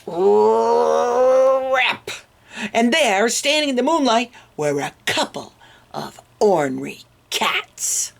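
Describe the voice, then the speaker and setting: A woman reading a picture book aloud to children, expressive and adding little asides to her listeners. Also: fairly high pitch, unhurried, creaky. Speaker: storytime reader.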